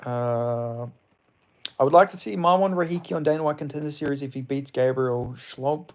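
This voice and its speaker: A casual young Australian man with a slight English tinge hosts an MMA livestream, chatting with viewers and answering their questions. His mid-range voice is a little mellow and moves at a moderate pace. The delivery is loose and rambling, with offhand swearing.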